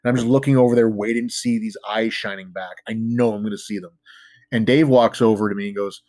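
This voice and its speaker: A fast-talking man with a lowish, slightly mellow voice and fairly even intonation tells a spooky story as a guest. He rambles casually, says "like" constantly among other fillers, and sometimes makes fun of himself; there's no echo.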